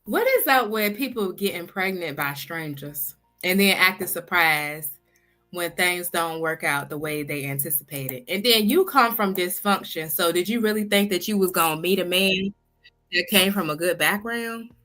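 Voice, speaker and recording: Bright-voiced sarcastic woman host. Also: medium pitch, unhurried, faint music behind. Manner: blunt, sarcastic, laughing remarks. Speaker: reaction video host. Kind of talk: commentary on a video clip.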